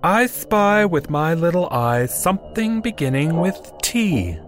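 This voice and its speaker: A man voicing a calm, sinister boss who speaks curtly and with cool friendliness in a horror audio story. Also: on the high side, slow pace, faint music behind, voice pushed up. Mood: genial sinister.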